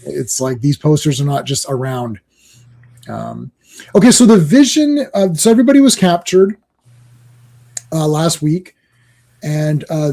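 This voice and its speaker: A man's voice: a little high, warm tone. A man co-hosting a casual comic book chat, rambling, laughing often and quoting scenes in other voices. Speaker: podcast co-host. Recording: livestream call.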